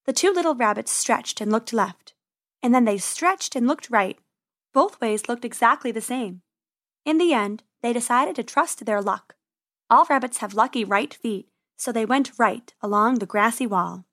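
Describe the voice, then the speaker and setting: A woman narrating a children's storybook in a gentle, expressive read-aloud manner. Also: a little high, normal speed.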